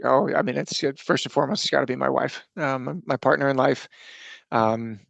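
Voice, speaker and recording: A man's voice: medium pitch, steady tone, normal speed, creaky, a bit bright, dry recording, lo-fi sound. A middle-aged man telling personal stories as a podcast guest, earnest and rambling with frequent restarts. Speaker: podcast guest, coach and speaker. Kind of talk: casual interview storytelling.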